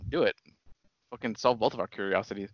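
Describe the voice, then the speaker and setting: A man's voice: lowish voice, fast, no echo, highs cut off. A young man co-hosting a casual podcast, teasing and needling his friend with crude jokes.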